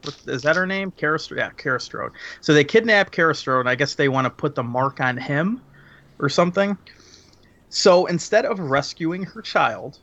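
A man's voice: fairly high pitch, lively intonation, moderate pace, fairly bright tone, highs cut off. A man chatting casually and crudely about a horror film, laughing often as he rambles through the plot.

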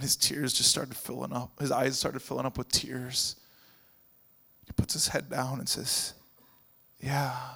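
A man who is a missionary pastor, telling a story as a sermon and swinging between loud preaching and hushed near-whispers. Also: medium pitch, completely flat delivery, measured pace, vocal fry, pauses often, husky.

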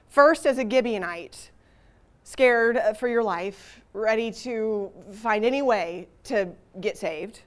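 Animated woman teaching scripture. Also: on the high side. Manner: animated and relatable, with rhetorical questions. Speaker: Bible teacher. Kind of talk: conversational Bible teaching to a church group.

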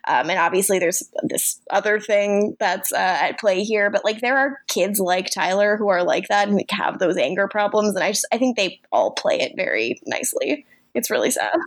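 A woman's voice: medium pitch, normal speed, dry recording. A woman co-hosting a podcast, chatting casually and gushing about a TV episode, with lots of "like.". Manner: animated, gushing, heavy use of "like". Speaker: podcast co-host. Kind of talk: casual chat recapping a TV episode.

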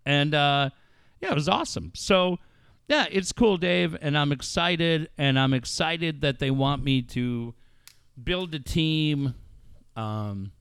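A man's voice: fairly high pitch, slow, creaky, clear, resonant tone, no echo, clean studio sound. A man hosting a sports talk show, telling stories in a casual, profane way. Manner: animated, profane storytelling. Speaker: sports radio host.

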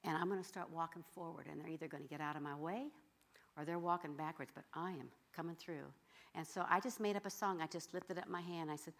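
A middle-aged woman preacher telling a story in a sermon, swinging from loud exclamations to hushed whispers. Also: on the low side, brisk.

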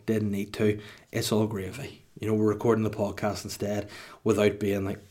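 A man's voice: lowish voice, fairly even intonation, normal speed, a little mellow. A man hosting a comedy podcast alone, rambling and self-mocking as he jokes. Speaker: podcast host. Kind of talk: comic solo podcast monologue.

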